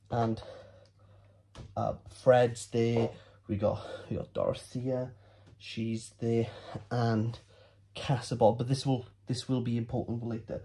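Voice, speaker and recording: A man's voice: medium pitch, slow, long pauses, a little mellow, a little hiss or hum. A man giving a comic, rambling book recap as a vlogger. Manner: rambling, playful, silly asides.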